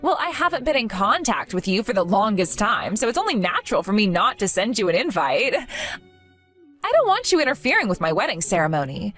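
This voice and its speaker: A woman voicing a spiteful young woman who mocks and belittles a former friend, in an animated story. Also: medium pitch, brisk, faint music behind. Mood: scornful. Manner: mocking, condescending.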